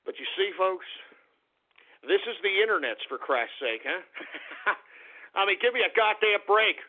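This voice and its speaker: A male talk radio host delivering an angry, profane monologue, repeating himself and bursting into shouts. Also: sits high, animated, a little slow. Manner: repeats phrases over and over. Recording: tinny, phone-like lo-fi sound.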